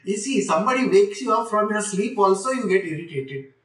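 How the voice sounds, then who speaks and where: Animated man giving a scripture talk. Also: sits high, a little fast, far from the mic. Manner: conversational, asks the audience questions, light jokes. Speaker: spiritual teacher. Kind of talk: scripture exposition to a live audience. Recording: echoey room, speaker off-mic.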